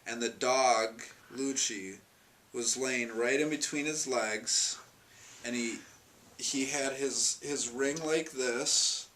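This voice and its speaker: Speaking slowly in a sharp, mid-range voice, a man shares an affectionate, meandering anecdote during an interview. He keeps restarting and chuckling, and the distant mic catches faint noise.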